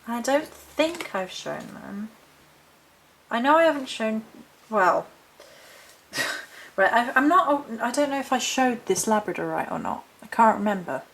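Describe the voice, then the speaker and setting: A woman's voice: fairly high pitch, lively intonation, measured pace, creaky, a bit bright, slight background noise, poor audio. A woman vlogger chatting casually through a haul of witchcraft supplies, rambling, backtracking and reading notes aloud from a book. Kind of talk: casual chat showing a haul.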